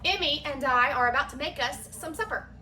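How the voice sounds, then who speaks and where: A chatty, folksy mother hosts a casual home cooking vlog in her kitchen, joking at her own expense. Her voice is high and fairly quick, against a noisy background.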